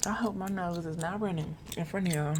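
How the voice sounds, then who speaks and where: A woman chatting softly to her viewers late at night, chewing gum and rambling, sometimes dropping into a whisper. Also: lowish voice, fairly quick, noisy background. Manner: drifts into whispers at times. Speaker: ASMR creator. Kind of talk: late-night soft-spoken ASMR chat. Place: home setup, camera placed far away.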